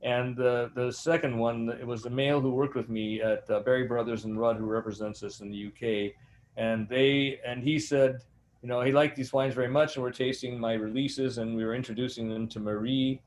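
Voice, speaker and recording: An older man, a winemaker and master sommelier, telling rambling, animated stories in an interview. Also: medium pitch, normal speed, a little hiss or hum. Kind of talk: anecdotal interview storytelling.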